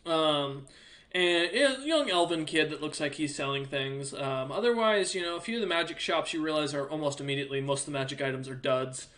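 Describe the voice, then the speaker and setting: Man, game master, fairly high voice, halting narration, fillers. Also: a bit bright.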